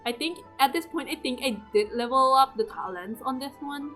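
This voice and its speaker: Excitable rambling young woman gamer. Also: high voice, normal speed. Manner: rambling, excitable, laughs often. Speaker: gaming youtuber. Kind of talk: casual gameplay commentary. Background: game music.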